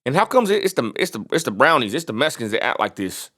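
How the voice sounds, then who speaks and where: A man's voice: mid-range voice, sing-song, quick pace, pushed and bright. A man from Texas, ranting bluntly in a vlog and repeating himself for emphasis. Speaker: vlogger.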